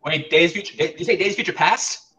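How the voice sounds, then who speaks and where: A man's voice: fairly high pitch, a little fast, bright, forceful tone, breathy edge. A man competing in a trivia quiz, thinking aloud as he hunts for answers. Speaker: trivia contestant.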